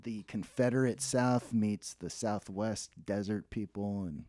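A man co-hosting a casual comedy podcast, tossing in quick dry wisecracks and laughing often. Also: fairly low pitch, mellow, dry recording. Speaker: podcast co-host.

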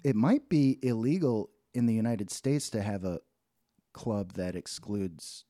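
A man's voice: fairly low pitch, expressive, measured pace, dark tone, no echo, clean studio sound. A man co-hosting a podcast in casual chat who rambles, restarts his sentences and laughs often. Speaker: podcast co-host.

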